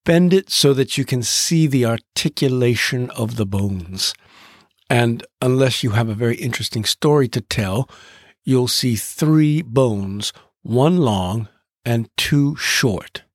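A man hosting a podcast, narrating in a deliberate way and drawing out rhythms as he explains them. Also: mid-range voice, animated, no echo, clean studio sound. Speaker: podcast host.

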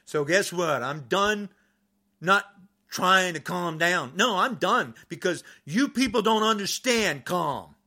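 Furious man ranting, high gravelly voice. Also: expressive, slow. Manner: furious, repetitive, shouting insults. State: agitated. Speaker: podcaster. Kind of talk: angry political rant.

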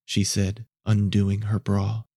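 A man narrating a scripted story in a measured, low-key way. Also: completely flat delivery, dark tone, breathy edge, no echo, clean studio sound.

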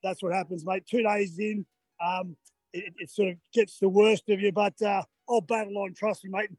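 Husky Australian man calling in after a marathon. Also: high voice, little pitch movement, normal speed, dry recording. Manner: chatty, laughs a lot, acts out what the crowd shouted. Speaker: marathon runner guest. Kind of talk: casual chat on a live radio call. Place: outdoors near a marathon finish line. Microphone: phone on a video call.

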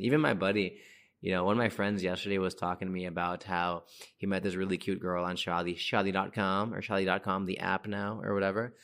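A man hosts a podcast of casual advice, giving blunt, chatty dating tips and calling listeners dude and bro. His voice is deep with a fairly bright tone.

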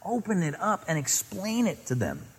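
A man's voice: sits high, wildly swooping pitch, moderate pace, husky, in a large hall. A man preaching a sermon, reading scripture aloud and exhorting earnestly. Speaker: pastor.

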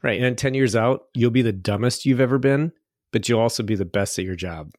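A man's voice: mid-range voice, brisk, darkish tone, no echo, clean studio sound. A man co-hosting a podcast in casual chat, jokey and laughing often. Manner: jokey, laughs often, does silly put-on voices. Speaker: podcast co-host.

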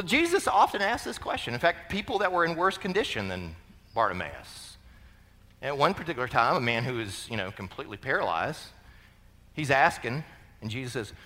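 A man preaching a sermon as pastor, animated and conversational, bursting into shouts when he quotes the cries he is telling about. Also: on the high side, fairly quick. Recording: long reverb of a large hall.

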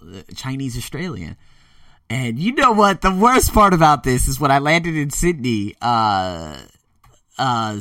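A man's voice: mid-range voice, no room sound, studio quality, recorded from a distance. A man, telling rambling, self-mocking stories on his podcast. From the Bronx, New York. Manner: rambling, animated storytelling with self-mocking asides. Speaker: podcast host. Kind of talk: casual solo podcast monologue.

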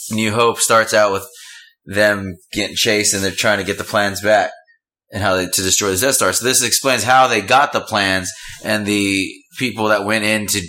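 A man with a fairly low but bright voice co-hosting a casual podcast. He talks eagerly, stumbling through fillers and half-started phrases. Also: fairly even intonation. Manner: enthusiastic, halting, lots of fillers. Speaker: podcast co-host. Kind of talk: casual chat.

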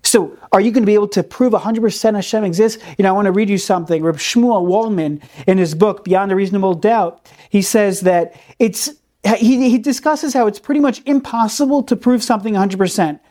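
A man gives a Torah class in a mellow, soft-edged voice. He is earnest and emphatic, and he leans on key words by repeating them. His talk is full of Hebrew terms. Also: high voice, a little fast. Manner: peppers speech with Hebrew terms. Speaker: Torah teacher.

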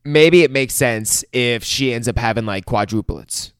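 A man's voice: mid-range voice, a little slow, smooth, no echo, clean studio sound. A man casually recapping a TV episode, swearing constantly, rambling and acting out the characters' lines as he retells them. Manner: profane, rambling, animated retelling with quoted dialogue. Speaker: show recapper.

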